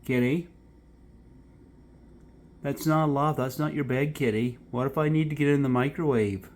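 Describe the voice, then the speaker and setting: A man's voice: medium pitch, steady tone, normal speed, slight background noise. A man in his apartment talking to his cat in affectionate, teasing baby talk. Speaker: cat owner filming his pet. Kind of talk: casual pet vlog chat. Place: indoors in an apartment.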